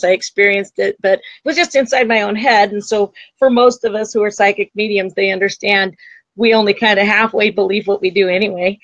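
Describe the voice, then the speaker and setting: A woman's voice: mid-range voice, no echo. A woman guest, a psychic medium, telling a story in an interview and acting out the voices she quotes. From United States.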